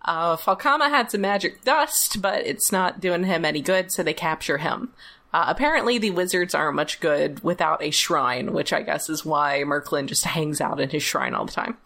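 A woman's voice: low-pitched, moderate pace, creaky, a bit bright. Chatty laughing woman recapping. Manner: chatty, laughs often, many fillers. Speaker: podcast host. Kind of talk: casual recap chat.

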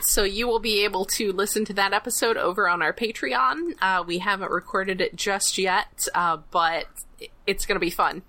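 Woman, podcast co-host, casual recap, chatty, giggly, bright tone, middle pitch. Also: fairly even intonation, normal speed, low-quality recording. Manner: chatty, laughing often, many "uh" fillers.

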